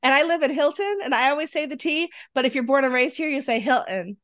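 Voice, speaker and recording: A woman's voice: sits high, fairly even intonation, fast talker, fairly bright tone. A middle-aged woman with a Western New York accent, co-hosting a podcast in casual chat and laughing often. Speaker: podcast co-host.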